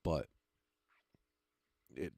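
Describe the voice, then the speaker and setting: A man's voice: very slow, warm tone, no room sound, clean studio sound. A man who does stand-up comedy, chatting casually with viewers on a livestream in a loose, rambling, profane way and often laughing at his own lines.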